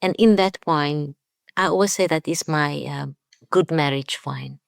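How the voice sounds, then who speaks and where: A woman's voice: low-pitched, a little slow, gravelly, no room sound, clean studio sound. A woman from South Africa, a winemaker, speaking as a guest in a conversational interview and telling stories with acted-out dialogue. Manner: warm storytelling, acts out quoted dialogue.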